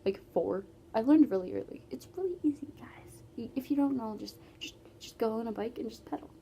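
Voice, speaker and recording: A woman's voice: on the high side, animated, brisk, gravelly, warm tone, slight background noise. A teenage girl from Canada, chatting casually in a Q&A vlog with many "like"s and trailing asides. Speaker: vlogger.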